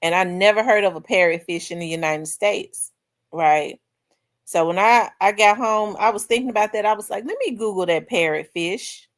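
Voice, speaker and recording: A middle-aged woman hosting a livestream, chatting casually with her viewers and telling animated, laughing stories. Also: mid-range voice, normal speed. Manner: animated, laughing, storytelling to the audience. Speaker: livestream host.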